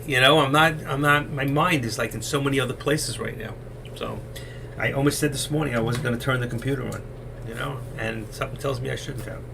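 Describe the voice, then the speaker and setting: A middle-aged man talks through stock charts on a live stream, rambling and confiding in his viewers. His voice is gravelly yet bright and edgy, with a faint hum of room noise behind him. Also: mid-range voice. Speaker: trading livestream host.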